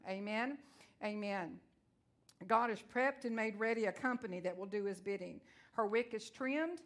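A woman's voice: mid-range voice, fairly bright tone. A middle-aged woman preaching a sermon to women, telling stories and acting out her own dialogue. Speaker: women's ministry speaker.

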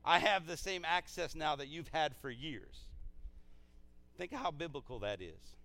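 A man pastor preaching a sermon in a church, casual and energetic, with frequent restarts. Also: fairly high pitch, unhurried. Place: church sanctuary.

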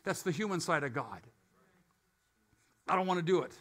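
Older man, pastor, casual sermon delivery, high bright tone. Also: lively intonation, normal speed. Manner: conversational, self-questioning preaching.

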